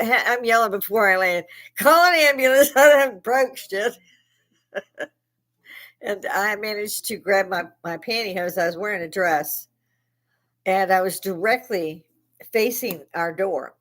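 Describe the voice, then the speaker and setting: A woman's voice: medium pitch, fairly bright tone. An older woman, hosting a live stream and casually telling a story, laughing often and swearing freely. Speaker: livestream host.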